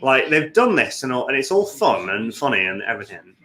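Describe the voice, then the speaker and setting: An excitable man chatting casually while watching a football match, swearing and laughing easily. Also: mid-range voice, a little fast, a little hiss or hum. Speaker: co-host.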